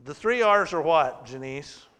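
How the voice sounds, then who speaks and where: A man's voice: fairly high pitch, animated, a little slow, fairly bright tone, clear, resonant tone. A man preaching a sermon to a congregation, teaching plainly, asking the crowd questions and joking with them. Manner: teaching with humor and audience questions. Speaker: pastor. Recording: long hall reverb.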